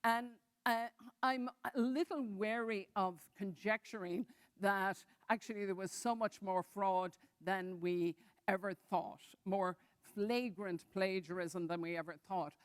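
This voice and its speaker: Woman, panelist, careful, measured, dry sound. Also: mid-range voice, steady tone, no room sound. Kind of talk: panel discussion.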